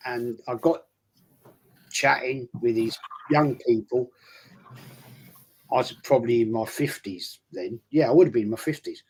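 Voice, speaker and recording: A man's voice: medium pitch, unhurried, long pauses, a little mellow, slightly rough. Older bloke in his 60s, rambles thru stories, stops and starts a lot, casual stream chat. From London. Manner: rambling anecdotal storyteller with frequent restarts.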